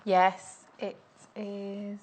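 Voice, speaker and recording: A woman's voice: mid-range voice, monotone, extremely slow, darkish tone, muffled recording, a little hiss or hum. A woman guest on a sewing show, answering the host in short, dry replies. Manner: brief, dry replies with laughs. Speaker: guest quilter. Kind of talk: casual chat.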